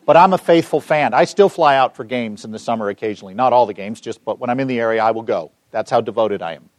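A middle-aged man from Los Angeles, giving a public talk and taking audience questions with lively, joking storytelling. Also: medium pitch, quick pace, no room sound. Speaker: speaker answering audience questions.

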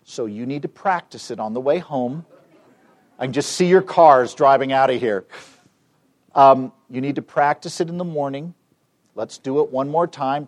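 A man giving a live training seminar, telling an anecdote to an audience in an animated, emphatic way. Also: medium pitch, moderate pace. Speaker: seminar speaker. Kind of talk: live training talk with storytelling.

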